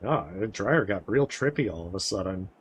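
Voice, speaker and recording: A man's voice: on the low side, lively intonation, normal speed, breathy edge. A man streaming a retro-style role-playing game, chatting to viewers and reading the game's text aloud. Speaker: let's play streamer. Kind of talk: casual game commentary.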